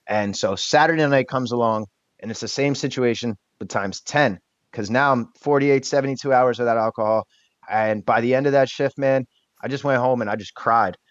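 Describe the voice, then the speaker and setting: A man's voice: mid-range voice, normal speed, dry recording, muffled recording. A man in his thirties, a podcast guest telling an emotional personal story in a candid, casual way, swearing now and then.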